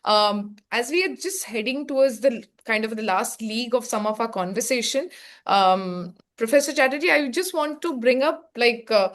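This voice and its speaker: High-voiced Indian English moderator woman. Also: normal speed. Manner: loose phrasing with fillers like "kind of". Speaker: webinar moderator. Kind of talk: webinar panel moderation.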